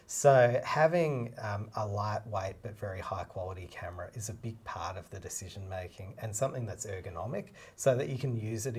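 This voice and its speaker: A man, a documentary filmmaker and cinematographer, co-hosting a casual explanatory chat. He talks in a relaxed, practical way, with many fillers. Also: fairly low pitch, slightly rough. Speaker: co-host.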